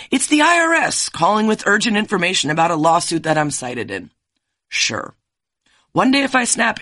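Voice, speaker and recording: A woman hosting a podcast, chatting with a guest and then delivering an animated, sarcastic rant. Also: mid-range voice, dry recording, clean studio sound. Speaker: podcast host. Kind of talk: casual interview, then a scripted rant.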